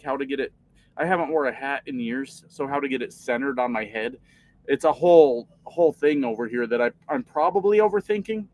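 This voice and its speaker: A man's voice: on the high side, low-quality recording. A man around forty, a trucker chatting casually on his live stream, reading out comments and telling long, profane, rambling stories.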